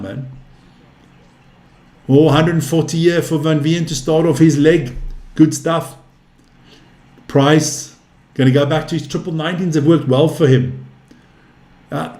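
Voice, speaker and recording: A man's voice: fairly high pitch, darkish tone. A man in his fifties hosting a live darts stream, calling scores and chatting casually with viewers. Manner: chatty, calls scores and answers viewer chat. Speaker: darts commentator and stream host. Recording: roomy echo.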